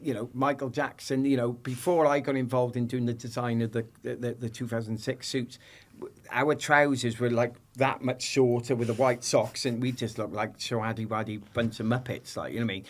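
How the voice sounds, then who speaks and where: A middle-aged British man appears as a podcast guest, speaking a little fast in a medium-pitched voice. In casual chat he tells lively anecdotes and acts out the people in them.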